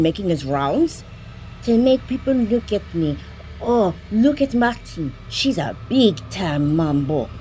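A woman voicing a proud, fierce mambo in an audio drama, fiery and defiant. Her voice sits a little low and carries a hard, indignant edge. A faint hiss runs underneath. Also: mellow, low-quality recording.

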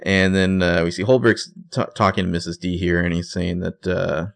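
A man's voice: deep voice, a little fast, creaky, dry recording. A man co-hosting a podcast, recapping a TV episode in laid-back, jokey casual chat.

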